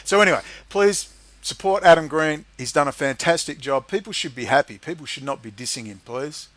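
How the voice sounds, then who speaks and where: A man's voice: on the high side, fairly quick, fairly bright tone. A man hosting his own online show, delivering an angry, profane, rambling monologue. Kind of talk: ranting monologue.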